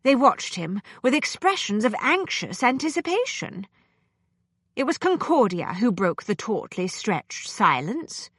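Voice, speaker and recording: A woman narrating an audiobook in an expressive, storytelling manner. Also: on the high side, unhurried, breathy edge, no echo. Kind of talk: scripted narration. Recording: dry studio sound.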